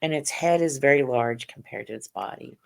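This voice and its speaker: A middle-aged woman telling her personal story as an interview guest, halting and earnest, with many "you know"s. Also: very deep voice, creaky. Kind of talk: personal account in a podcast interview.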